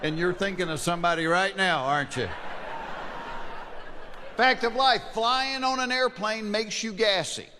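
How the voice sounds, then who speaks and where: A man with a Southern American accent and a high-sitting voice performs stand-up before a live audience, speaking a little slowly with frequent pauses. He spins drawling stories and slips into character voices, with audience noise around him.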